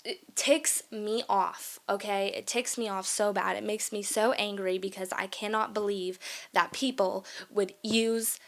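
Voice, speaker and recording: A young woman talks straight to her viewers in a loose, rambling rant. She leans hard on her points with emphatic repeats, drifts off track and laughs along the way. Her pitch sits in an ordinary middle range. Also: flat delivery, moderate pace. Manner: rambling and easily sidetracked. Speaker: vlogger. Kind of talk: casual rant monologue.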